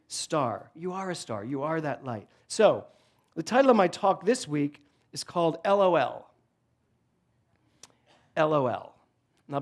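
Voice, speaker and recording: A male minister delivering a sermon in a church, telling humorous stories in an animated, joking way into a handheld microphone. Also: mid-range voice. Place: church sanctuary before a congregation.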